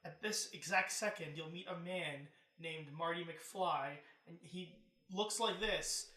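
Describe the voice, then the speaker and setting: A man's voice: a little high, takes it slowly, reverberant, far from the mic. A man guesting on a podcast, chatting casually and animatedly about films and picking at plot holes. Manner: nitpicking, animated, swears casually.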